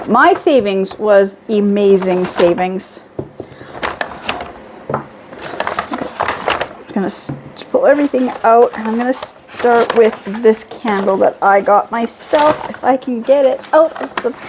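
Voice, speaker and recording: A woman's voice: on the high side, slow pace, long pauses, background noise. A middle-aged woman chatting casually at home through a beauty haul, reading prices and labels aloud. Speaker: beauty vlogger.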